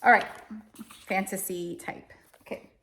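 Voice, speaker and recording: Chatty woman with a gravelly edge. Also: mid-range voice, steady tone, unhurried, sharp tone. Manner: chatty and rambling, corrects herself often; emotional, self-deprecating. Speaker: homeschooling parent reviewing books. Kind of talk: casual chat.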